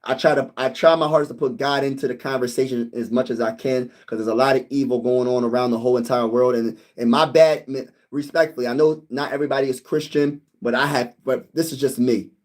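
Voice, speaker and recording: A young man hosting a casual sports livestream, reading comments aloud and chatting excitedly with viewers. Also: mid-range voice, a little fast, hardly any pauses. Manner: excitable, talks to viewers as "y'all", sings snippets.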